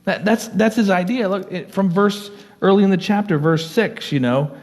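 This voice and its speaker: A man's voice: high voice, normal speed, darkish tone. A man preaching as a pastor, teaching verse by verse, reading scripture aloud and explaining it in an earnest, conversational way.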